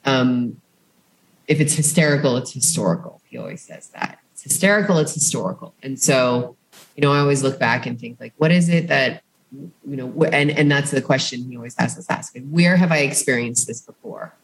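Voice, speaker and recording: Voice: medium pitch, animated, moderate pace, rough recording. A co-host in a casual chat, chatty and rambling with many restarts. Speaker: podcast co-host.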